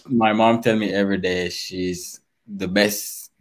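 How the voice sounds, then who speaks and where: A man who is a guest on a livestream, chatting in a relaxed, joking way. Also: on the low side, unhurried. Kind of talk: casual chat.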